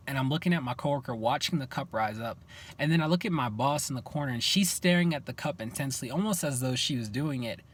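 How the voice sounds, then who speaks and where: A young man vlogging, telling stories in a casual, animated way and acting out what each person said. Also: mid-range voice. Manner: animated, acts out what people said. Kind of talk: casual storytelling to camera.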